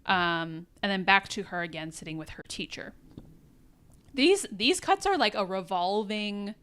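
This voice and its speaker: A woman with a smooth, resonant voice talks through a TV episode scene by scene. She co-hosts a relaxed podcast chat and often quotes what the characters say. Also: medium pitch, measured pace. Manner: recounts scenes in detail, quoting characters. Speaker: podcast co-host. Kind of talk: casual TV recap chat.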